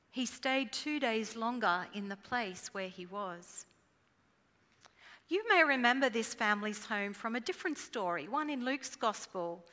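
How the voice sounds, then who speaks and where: A woman preaching a sermon in an earnest, measured way, dropping her voice at solemn lines. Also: medium pitch, pushed and bright, in a large hall.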